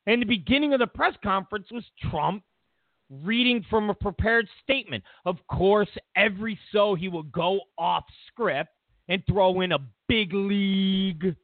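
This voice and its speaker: A man hosting his own show delivers a casual, sarcastic, mocking rant about the news as political commentary. His high-pitched voice is a little slow and has no echo. The audio is dry and phone-like, tinny.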